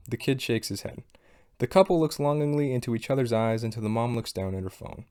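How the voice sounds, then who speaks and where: A young man delivers a video essay in a sarcastic, exasperated voice. His pitch sits in an ordinary middle range. He sounds fed up with what he is critiquing. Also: expressive, fairly quick, mellow. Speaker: film critic video host.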